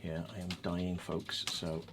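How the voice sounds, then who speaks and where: A middle-aged British man hosting a casual livestream, telling a story in a sweary, excitable way and acting out the voices of the people in it. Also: low voice, a little slow, slight background noise. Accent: British English. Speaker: livestream host. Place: home room with fan and dog.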